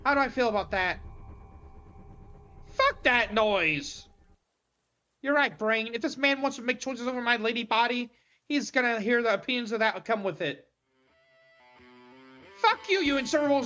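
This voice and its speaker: A woman's voice: on the high side, bright, forceful tone. A woman voicing a defiant young woman hostage with a sarcastic, profane way of talking.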